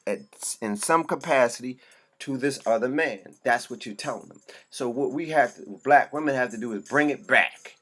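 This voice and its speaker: A man's voice: medium pitch, a bit bright. A man delivering an impassioned, profane monologue. He talks bluntly and preaches in short bursts.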